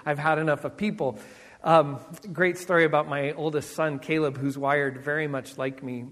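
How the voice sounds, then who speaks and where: A middle-aged man, a senior pastor, preaching with personal stories, animated and acting out voices, laughing often. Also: a little high, normal speed, big-room sound. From Southern California.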